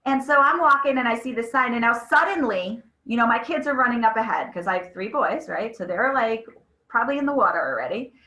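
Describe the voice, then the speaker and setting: A woman's voice: on the high side, fairly quick, roomy sound, poor audio. A woman in her thirties presenting a webinar on mental health, talking conversationally and telling stories with frequent asides to her audience. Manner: conversational, animated storytelling with frequent "right?".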